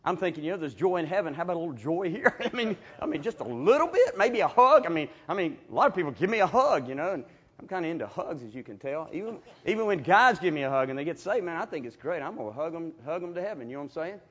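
A man preaching a sermon, telling stories in a folksy, animated way with chuckles. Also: on the high side, fast, husky. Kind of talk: storytelling sermon. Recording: dull lo-fi recording.

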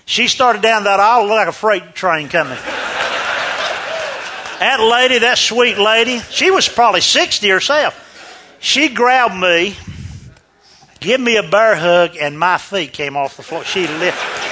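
A male preacher telling a story in a sermon, animated and laughing, swinging between loud and hushed. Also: sits high, measured pace.

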